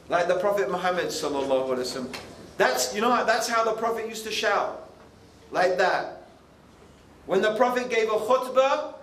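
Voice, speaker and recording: High-voiced male preacher, animated and chatty; echoey hall. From United Kingdom. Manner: animated, conversational, frequent asides. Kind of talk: lively youth sermon. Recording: echoey hall, faint ambient noise.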